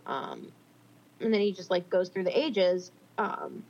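Husky young woman co-hosting a podcast. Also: fairly low pitch, huge pitch swings, darkish tone, lo-fi sound. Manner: laughs easily, swears casually, reads quickly. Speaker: podcast co-host. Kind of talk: casual chat and reading stories aloud.

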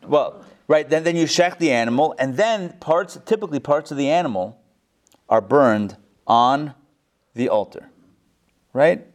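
A man leads a casual study class in a fairly high voice. He keeps firing questions at the group and drops in quick joking asides. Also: lively intonation. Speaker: teacher leading a text study class. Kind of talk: casual interactive teaching.

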